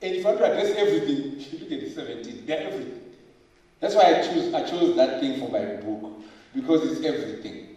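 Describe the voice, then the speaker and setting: A middle-aged man giving a lively speech at a book launch, firing rhetorical questions, joking and hammering points through repetition. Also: medium pitch, fairly quick. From Zimbabwe. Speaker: professor and author at a book launch. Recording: echoey hall, voice from far off.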